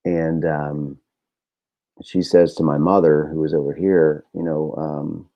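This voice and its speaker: A man's voice: a bass voice, level tone, takes it slowly, highs cut off. A middle-aged man hosting a podcast, talking in a candid, rambling way with lots of fillers and swearing. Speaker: podcast host. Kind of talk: casual monologue.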